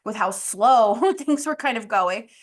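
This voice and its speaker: A woman's voice: on the high side, lively intonation, a little slow. Blunt, candid woman health coach. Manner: candid and blunt, with frequent laughs and casual swearing. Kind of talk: casual podcast monologue.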